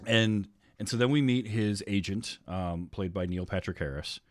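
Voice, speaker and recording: Low-voiced man rambling about movies. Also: a little slow, dry recording, studio quality. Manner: rambling, fills with ums, acts out scenes. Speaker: podcast host. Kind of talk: casual movie chat.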